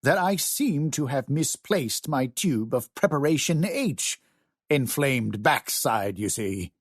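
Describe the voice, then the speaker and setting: Brief: eighteen-year-old joker gamer, teasing and mocking, man voicing, lively and dry. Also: mid-range voice, moderate pace, no echo. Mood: mock British. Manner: mocking, playful. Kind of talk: audiobook character voice.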